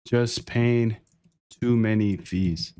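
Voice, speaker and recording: A man hosting a trading live stream, delivering a hyped, pushy sales pitch and calling the listener dude and bro. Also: fairly even intonation, drawn-out words, darkish tone, clean tone, no echo, clean studio sound. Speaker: trading channel host.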